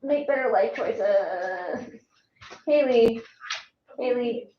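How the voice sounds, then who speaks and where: A woman's voice: fairly high pitch, drawn-out words, muffled recording, a little hiss or hum. Chatty woman streamer, laughing often. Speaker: streamer and writer. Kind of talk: casual chat on a birthday live stream. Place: home with pets.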